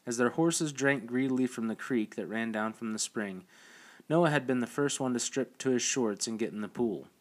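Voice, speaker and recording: A man reading a novel aloud as audiobook narration, with a steady, even delivery. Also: medium pitch, normal speed.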